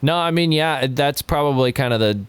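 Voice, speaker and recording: A man's voice: medium pitch, moderate pace, smooth, no room sound. A man co-hosting a podcast in casual chat, telling stories with lots of swearing and laughter and acting out what people said. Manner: laughing, swearing storyteller who acts out quotes. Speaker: podcast co-host.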